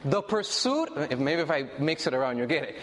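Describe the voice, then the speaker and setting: Male preacher, high voice that swings up and down a lot, keeps repeating his point, hall echo behind. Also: sing-song, moderate pace, fairly bright tone. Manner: conversational preaching, repeats and stresses key points to the congregation. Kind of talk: sermon.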